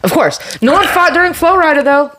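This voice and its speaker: A woman's voice: sits high, animated, a little fast, a bit bright. A young woman co-hosting a podcast, telling a story in casual chat, swearing a lot and laughing as she goes, talking while she chews food. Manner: talks while chewing spicy food. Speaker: podcast co-host.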